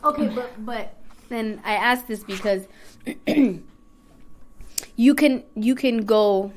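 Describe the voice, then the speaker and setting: Animated woman co-hosting a podcast. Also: on the high side, takes it slowly. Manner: animated, swings between loud and soft. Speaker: podcast co-host. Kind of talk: casual chat.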